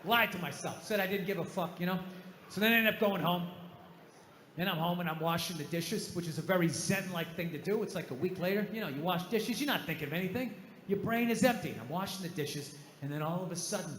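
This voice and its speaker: A man with a high voice rants through a profane stand-up bit. He drops to a low mutter, then bursts back out loud. The sound rings with long hall reverb and a faint hiss. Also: a little fast. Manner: ranting, profane, swings from loud outbursts to muttering. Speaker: stand-up comedian. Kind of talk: stand-up routine.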